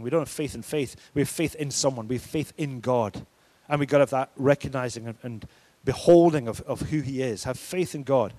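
A man's voice: medium pitch, a little mellow. A man preaching a sermon, emphatic and declaring, his force rising and falling. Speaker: pastor.

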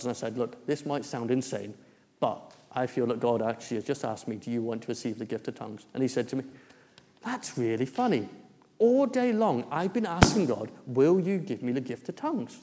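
A man's voice: medium pitch, dark tone. A man, preaching a testimony story in a church hall with many fillers and restarts. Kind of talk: sermon testimony.

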